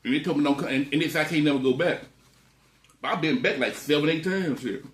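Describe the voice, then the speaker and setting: A man's voice: fairly high pitch, quick pace. A man telling a story in a laid-back, slangy drawl while eating, dropping frequent exclamations. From Texas. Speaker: vlogger. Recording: roomy echo.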